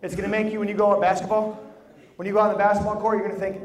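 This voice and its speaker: A man's voice: sits high, flat delivery, rapid-fire. A man leading a group exercise in a large room, giving emphatic, repeated directions to volunteers and the audience. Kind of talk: live instruction to a group. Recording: echoey hall with crowd noise.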